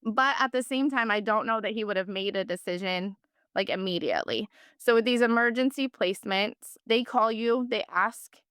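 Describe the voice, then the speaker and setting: A woman's voice: medium pitch, normal speed, fairly bright tone, clean tone, no echo, studio quality. A woman in her thirties, a guest on an interview podcast, telling her family's story in a chatty, heartfelt way with lots of fillers. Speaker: podcast guest, foster and adoptive mom.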